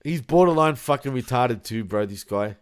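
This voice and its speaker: A man's voice: mid-range voice, expressive, normal speed, a little hiss or hum. A man co-hosting a crude, casual podcast chat, laughing often and saying "bro" a lot. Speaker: podcast co-host.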